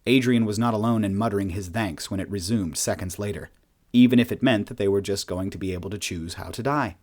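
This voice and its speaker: Low-voiced man narrating a story. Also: a little fast, darkish tone. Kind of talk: audiobook narration.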